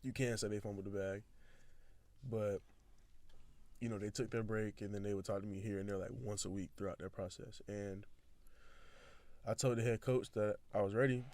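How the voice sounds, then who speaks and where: A young man, a football recruit guest on a podcast, telling his story in a relaxed, rambling way with frequent restarts. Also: fairly low pitch, moderate pace. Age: young adult. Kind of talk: casual storytelling.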